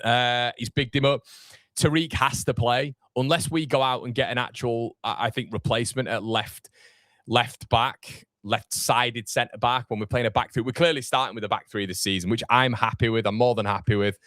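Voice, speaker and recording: A man's voice: mid-range voice, fairly even intonation, moderate pace, a bit bright, dry recording, clean studio sound. A man, hosting a fan watchalong live stream, chatting casually and rambling with fillers as he reads comments. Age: 30s. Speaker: fan channel watchalong host.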